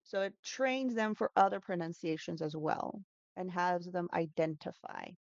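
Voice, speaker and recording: A woman's voice: lowish voice, lively intonation, normal speed, no echo, lo-fi sound. A woman who teaches English, talking through pronunciation tips in a casual interview, explaining patiently and demonstrating sounds with frequent fillers.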